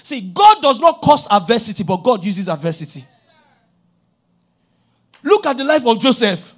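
High-voiced Nigerian man preaching. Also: normal speed. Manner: animated preaching, shouting at peaks, acting out dialogue. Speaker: pastor. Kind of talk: sermon.

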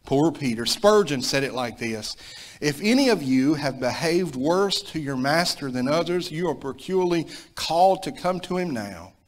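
A man's voice: on the high side, expressive, normal speed. Emphatic Southern preacher man. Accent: Southern American. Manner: emphatic preaching, repeating phrases and rising to loud peaks. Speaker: pastor. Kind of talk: sermon.

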